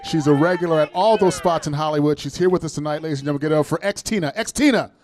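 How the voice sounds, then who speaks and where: A man hosting a comedy show, loudly hyping up the next act from the stage. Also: on the high side, very fast, noisy background. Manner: loud, hyped-up. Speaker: show host and emcee. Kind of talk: introducing the next comic.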